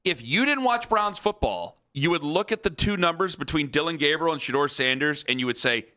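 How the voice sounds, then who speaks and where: A man hosting sports talk radio, arguing his points with emphatic, animated delivery. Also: on the high side, a little fast, few pauses. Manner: animated, emphatic, mimics others in quotes.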